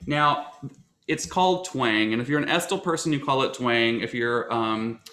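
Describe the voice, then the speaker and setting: A man's voice: medium pitch, normal speed, pushed and bright, echoey room. A man giving a lecture on singing technique to teachers, explaining at length with many fillers and restarts.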